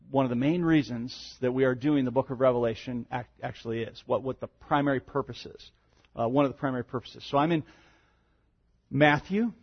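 A man preaching a sermon and reading scripture, emphatic and swelling loud on key words, with casual fillers between. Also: medium pitch, slightly rough, dull audio. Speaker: pastor.

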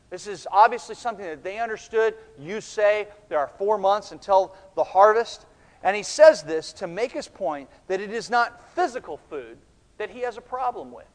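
A man preaching an expository sermon as pastor, animated, acting out the voices of the people in his text. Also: high voice. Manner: animated, acts out voices of the disciples. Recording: long hall reverb.

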